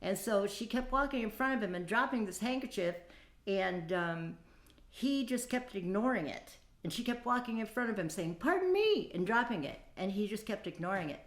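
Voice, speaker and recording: A woman's voice: medium pitch, normal speed. A woman in her fifties hosting a casual dating-advice talk, chatty and folksy, with many fillers and asides. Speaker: podcast host. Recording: echoey room.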